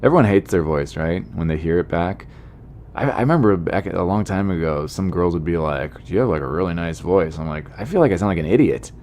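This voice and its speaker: A man's voice: low-pitched, brisk, darkish tone, a little hiss or hum. A man, a comedian hosting his podcast, chatting casually in a rambling, self-deprecating way with asides to his listeners.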